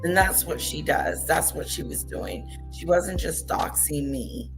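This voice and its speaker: Low, gravelly woman dishing gossip. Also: big pitch swings, unhurried, music in the background. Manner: scornful, storytelling about a feud. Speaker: commentary streamer. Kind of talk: gossipy reaction commentary.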